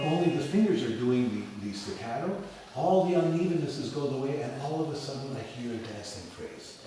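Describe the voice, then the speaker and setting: Animated male piano teacher in echoey hall. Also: mid-range voice, a little fast, recorded from a distance. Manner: animated, sings phrases as "da da da". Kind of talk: lecture and demo lesson. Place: large echoey hall with an audience. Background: piano playing.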